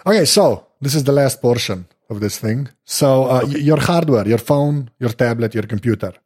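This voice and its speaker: A man who is not a native English speaker, hosting a casual interview, talking in halting starts and restarts. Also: mid-range voice, expressive, a little mellow, slightly rough. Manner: halting, stumbling restarts, laughs often. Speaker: podcast host.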